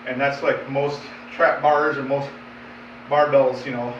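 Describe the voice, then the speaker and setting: A man's voice: medium pitch, flat delivery, unhurried, dull audio, a little hiss or hum. Chatty man in his fifties, roomy basement. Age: 50s. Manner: plainspoken, rambling, repeats himself. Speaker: fitness streamer. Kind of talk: casual live-stream chat while lifting. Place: home basement gym.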